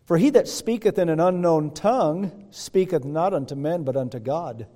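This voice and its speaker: A male pastor with a fairly high, dark-toned voice preaches an animated sermon at a normal pace, keeping it folksy and often checking in with his congregation by asking "Hello?". He's in a church sanctuary, and the recording carries a long hall reverb.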